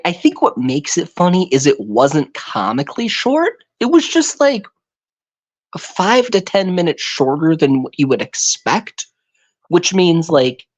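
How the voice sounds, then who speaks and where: A man in casual chat on a live stream, rambling and tripping over his words. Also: a little high. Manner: rambling, stumbles over words, slips into put-on voices. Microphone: home microphone on a live stream.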